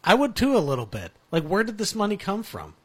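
A man's voice: high voice, wildly swooping pitch, brisk, fairly bright tone, slightly rough. A man co-hosting a sports radio show, bantering casually and agreeably. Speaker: radio co-host.

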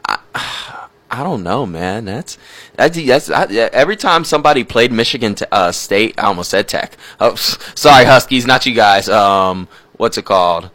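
A lively male sports talk co-host whose pitch leaps around as he jokes and teases his partner. He speaks into a studio mic, and his voice sounds close and dry, with no room around it. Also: no echo. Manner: animated, playful, teasing, quick to laugh. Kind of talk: casual sports talk chat.

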